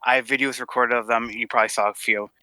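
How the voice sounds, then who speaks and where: A man's voice: medium pitch, fairly even intonation, quick pace, sharp tone, no echo. A man co-hosting a podcast, chatting in an easygoing, slightly hesitant way. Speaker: podcast co-host. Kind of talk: casual chat.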